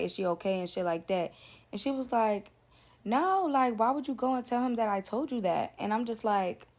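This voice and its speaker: Woman, casual story time, blunt and profane, mid-pitched, quotes dialogue.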